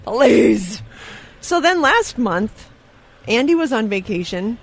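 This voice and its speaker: A woman's voice: a little high, sing-song, measured pace, a bit bright. A woman co-hosting a radio show, teasing her guest playfully and laughing a lot. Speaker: radio co-host. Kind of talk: casual radio chat. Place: radio studio.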